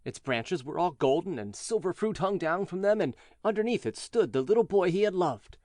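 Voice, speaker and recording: Expressive male storybook narrator. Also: high-pitched, no echo, studio quality. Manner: clear, measured, expressive reading. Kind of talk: storybook reading for English learners.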